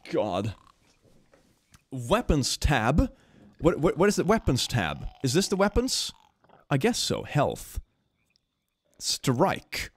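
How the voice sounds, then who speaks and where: A man commenting casually while playing a game, often laughing and breaking into high-pitched squeals. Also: dry recording. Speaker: gaming streamer. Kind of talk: casual let's-play commentary.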